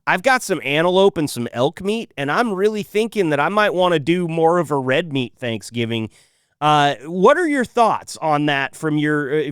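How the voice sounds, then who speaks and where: A man's voice: a little high, clear, resonant tone, no room sound, clean studio sound. A man hosting a podcast in casual chat, joking and thinking aloud with many restarts. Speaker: podcast host.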